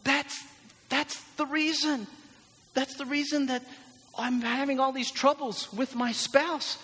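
A man's voice: extremely high pitch, fairly even intonation, slow, pushed and bright, long reverb tail, pitched above the performer's own voice, heavily acted. A man voicing an exasperated churchgoer who complains about a spouse. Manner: complaining, incredulous.

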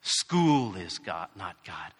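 A man's voice: deep voice, big pitch swings, takes it slowly, husky. A male pastor from the United States preaching a conversational sermon with asides and questions to the congregation. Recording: reverberant hall.

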